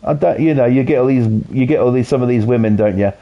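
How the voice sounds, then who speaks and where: A British man streams a game and chats casually as he plays, rambling, swearing a lot and filling gaps with "you know." His voice is medium-pitched and fast, and the audio is dull and lo-fi.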